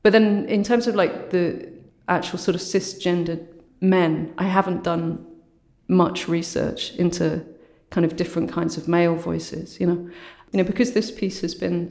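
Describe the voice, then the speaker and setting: A woman artist with a low voice, speaking thoughtfully as an interview guest and often saying "you know" and "sort of". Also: level tone, moderate pace, vocal fry, darkish tone. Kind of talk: reflective conversational interview. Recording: roomy echo.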